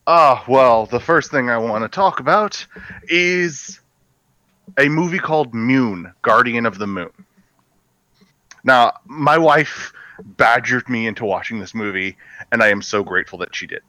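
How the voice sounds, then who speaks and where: A man's voice: medium pitch, animated, measured pace, pushed and bright, no room sound, poor audio. A man co-hosting a casual movie podcast, enthusiastically retelling a film's story with rambling restarts. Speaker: podcast co-host.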